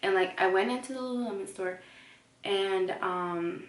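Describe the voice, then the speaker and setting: A woman's voice: medium pitch, moderate pace, roomy sound, distant mic. A woman vlogger ranting casually to camera, chatty and blunt, filling her talk with "like". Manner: chatty, heavy use of "like", blunt and indignant.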